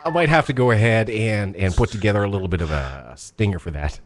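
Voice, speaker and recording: A man hosting a casual chat, quick and playful, often restarting his sentences. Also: on the low side, animated, noisy background. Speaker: show host.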